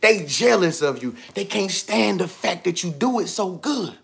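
A man giving casual motivational talk on a livestream, slangy and animated, repeating himself often. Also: high voice, measured pace, creaky. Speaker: vlogger. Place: indoors with TV and iPad.

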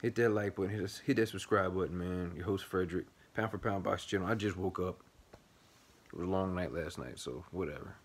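A man with a somewhat low voice hosts a boxing vlog and breaks down a fight in loose, casual talk. He vents bluntly and swears freely, with lots of animation. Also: fairly quick. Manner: blunt, profane, animated venting. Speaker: boxing channel host.

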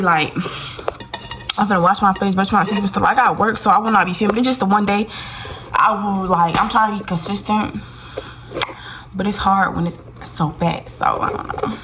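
A woman's voice: mid-range voice, a little fast, background noise. A woman chatting casually to her phone camera in a vlog, slangy and full of fillers. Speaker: vlogger.

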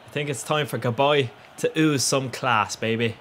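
A man's voice: mid-range voice, normal speed, slight background noise. A young man, commentating on a football video game with frequent laughter, swearing and rambling asides. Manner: swears a lot, laughs often, rambling and excitable. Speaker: gaming YouTuber. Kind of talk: gameplay commentary.

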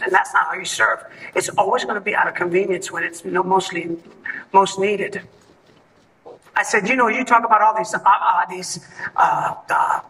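A man's voice: sits high, bright, forceful tone, recorded from a distance, low-quality recording. A man giving an event speech, telling a story and acting out both sides of the dialogue. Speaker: event speaker. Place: event hall.

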